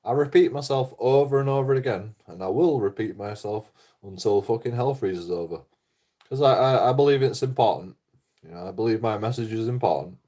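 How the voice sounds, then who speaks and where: A man with a slightly low voice chats loosely on a livestream. He swears freely, loses his thread, repeats himself and chuckles at his own jokes. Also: brisk, warm tone. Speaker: livestreaming vlogger. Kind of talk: rambling casual livestream chat.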